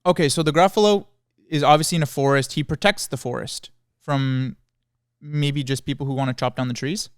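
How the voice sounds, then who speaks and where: A man co-hosting a podcast who talks with earnest, playful enthusiasm. His voice is clear and smooth, captured close in a dry studio with no echo. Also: fairly high pitch, a little fast. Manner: earnest, playful, easily excited. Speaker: podcast co-host. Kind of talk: casual chat.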